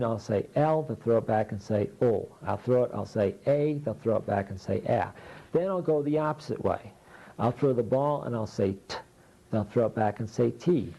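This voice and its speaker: Middle-aged guy explaining reading lessons, super dark mellow voice, folksy and practical. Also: mid-range voice, rough recording. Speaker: literacy teacher. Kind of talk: explaining teaching materials.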